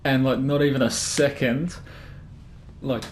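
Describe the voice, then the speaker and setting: A man's voice: mid-range voice, steady tone, unhurried, a little hiss or hum. A young man casually telling a rambling story over game voice chat, laughing as he goes. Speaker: gamer in party chat. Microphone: headset over voice chat.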